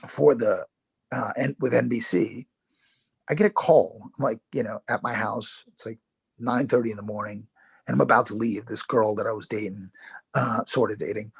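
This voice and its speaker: A man's voice: mid-range voice, creaky, breathy edge. A middle-aged man from New York, a guest actor telling long rambling stories in a casual interview, full of fillers. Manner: rambling anecdotes, lots of fillers.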